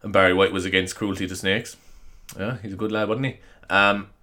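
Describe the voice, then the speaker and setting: A man's voice: low-pitched, steady tone, a little fast, sharp tone. A young Irish man hosting his own podcast, tired, chatting in a rambling, self-mocking way and laughing often. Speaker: podcast host. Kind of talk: casual solo podcast chat.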